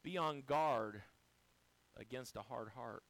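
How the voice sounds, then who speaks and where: A male pastor preaching a sermon, swinging from quiet, low passages to loud, high-pitched exhortations. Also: takes it slowly, low-quality recording.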